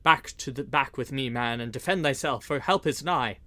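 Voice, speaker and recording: A man voicing a bold, loyal outlaw who speaks forcefully in an old-fashioned storybook. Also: mid-range voice, normal speed, lightly acted. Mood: bold defiant.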